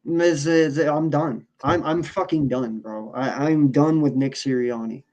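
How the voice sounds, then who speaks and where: A man with a fairly high-pitched voice, ranting about his team on a casual sports podcast. He swears freely and talks with heated frustration. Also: unhurried, darkish tone, muffled recording. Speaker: podcast co-host.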